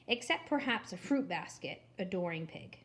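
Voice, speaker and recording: A woman voicing a stern, prim older woman who hates frivolity, in crisp, clipped, indignant tones. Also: fairly low pitch, sing-song, normal speed.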